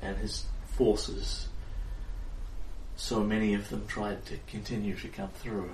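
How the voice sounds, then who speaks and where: A man voicing a tired, faraway female fairy queen in a tabletop game, speaking softly and slowly. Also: lowish voice, little pitch movement. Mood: weary. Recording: roomy, distant mic, faint noise.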